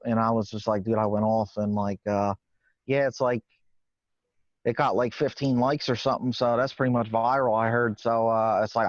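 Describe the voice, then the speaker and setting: A man's voice: mid-range voice, no echo, natural voice. A man playing a nervous, rambling working-class guy, stammering and swearing casually in a comedy interview. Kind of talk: improvised comedy character interview. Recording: dull lo-fi dry sound.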